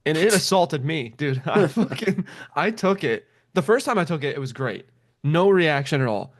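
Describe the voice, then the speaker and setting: Speaking a little high at normal speed, a young man relates a story casually and animatedly. He swears and laughs a lot while playing out people's lines.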